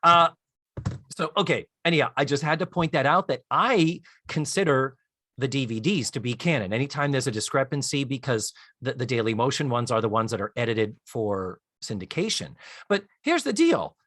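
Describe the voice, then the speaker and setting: A man co-hosting a podcast in casual chat, animated and storytelling, acting out scenes as he goes. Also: mid-range voice, moderate pace, no echo, studio quality. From Florida, US. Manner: animated storyteller, acts out lines and hums tunes. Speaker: podcast co-host.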